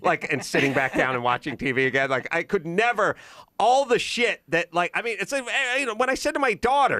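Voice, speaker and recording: A man's voice: sits high, animated, a little fast, sharp tone, dry recording, studio quality. A middle-aged man with a Southern Californian accent, hosting a podcast and telling comic stories in casual chat, acting out both sides of each conversation. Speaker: podcast host. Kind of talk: casual comedic storytelling. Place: podcast studio.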